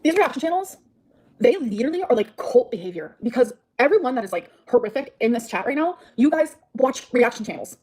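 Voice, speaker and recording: Woman streamer venting fast and furious, a little high-pitched and sweary. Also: very animated, darkish tone, poor audio. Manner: heated, profane, venting. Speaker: livestreamer. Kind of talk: angry livestream rant.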